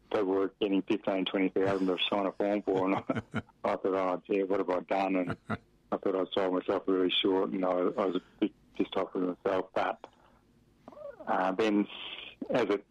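A middle-aged Australian man, a former footballer from Western Australia, telling rambling anecdotes with chuckles and many fillers in a relaxed interview. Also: deep voice, no room sound. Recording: muffled dry radio recording.

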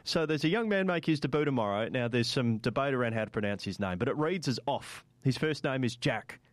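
Chatty Australian radio host. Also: male voice, mid-range voice, animated, fast talker, dry recording. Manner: chatty, opinionated, with frequent fillers. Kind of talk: breakfast radio sports talk. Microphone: studio microphone.

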